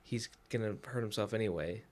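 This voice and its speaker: A man co-hosting a podcast who chats casually about a book, chiming in with quick asides and hedges. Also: fairly low pitch. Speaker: podcast co-host.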